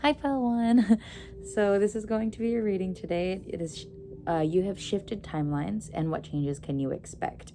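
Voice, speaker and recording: Low, gravelly-voiced woman reading tarot. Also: normal speed, dark tone, a little hiss or hum. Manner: rambling, self-correcting, giggly. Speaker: psychic tarot reader. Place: indoors at home. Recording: instrumental music playing behind.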